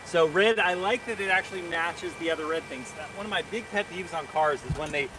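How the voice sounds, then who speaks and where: A talkative man with a slightly high voice gives frank opinions on a live stream. He is outdoors beside a car, a little distant from the phone mic, with clear background noise around him. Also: a little fast. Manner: opinionated, chatty, with fillers. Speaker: car reviewer hosting a live Q&A. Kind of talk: casual live-stream chat. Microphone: phone camera.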